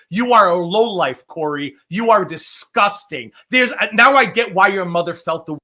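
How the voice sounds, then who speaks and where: A woman's voice: medium pitch, expressive, moderate pace, few pauses, pushed and bright. A woman co-hosting a livestream, ranting angrily with heavy swearing and emphatic repetition. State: angry and fired up. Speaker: streamer co-host. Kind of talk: heated livestream rant.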